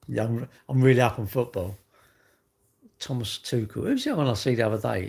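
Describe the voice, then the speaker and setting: A man's voice: mid-range voice, very animated, a little fast, gravelly, a little mellow. A middle-aged English man chatting casually on his own livestream, rambling and full of tag questions. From England. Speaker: livestream host.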